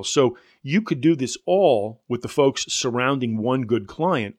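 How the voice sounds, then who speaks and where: A man in the middle pitch range lays out a marketing method like a sales trainer talking to a room. He keeps it conversational, throwing in blunt asides and quick stories as he goes. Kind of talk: instructional talk to an audience.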